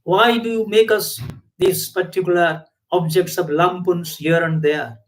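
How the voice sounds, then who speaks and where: A man's voice: high-pitched, steady tone, a little slow, low-quality recording. A man voicing a group of ugly caterpillars who plead with God in indignant questions in a spoken parable.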